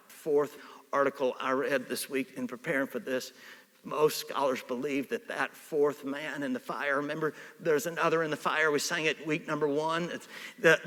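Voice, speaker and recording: Man preaching, high voice, bright tense tone, hushed to shouting, long hall reverb. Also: moderate pace. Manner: animated, swings from hushed to shouting. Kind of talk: sermon.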